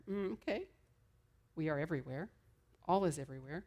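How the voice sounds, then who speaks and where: A woman's voice: lowish voice, lively intonation, brisk, long pauses, a little mellow. A middle-aged woman minister giving an enthusiastic, conversational sermon.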